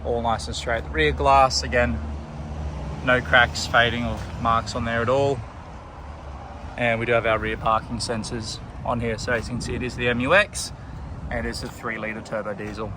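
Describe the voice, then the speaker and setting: A man with an Australian accent, a car salesman giving a relaxed walkaround tour of a vehicle, pointing out features as he goes. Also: medium pitch, normal speed, noisy background. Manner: relaxed, plain-spoken, pointing things out as he goes. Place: outdoors around a car, then inside it.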